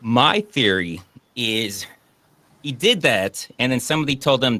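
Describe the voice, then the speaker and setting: A man's voice: mid-range voice, animated, measured pace, sharp tone, dry recording. A man hosting a casual online chat, joking and sarcastic. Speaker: podcast host.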